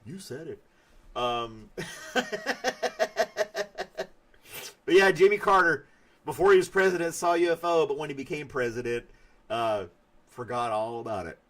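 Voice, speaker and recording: A man's voice: on the high side, lively intonation, moderate pace, fairly bright tone. A man hosting a casual live stream, chatting loosely and reading viewer comments as he rambles. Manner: rambling, chatty, laughs at his own stories.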